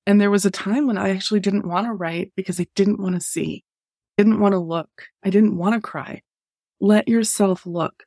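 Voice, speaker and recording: A woman guest in an interview, giving slow, heartfelt, gentle advice in a coaching tone. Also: medium pitch, vocal fry, no echo, studio quality. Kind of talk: reflective interview answer.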